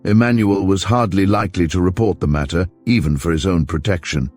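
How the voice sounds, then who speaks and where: A man narrating a mystery novel as an audiobook, steady and measured. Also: deep voice, faint music behind. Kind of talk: scripted narration.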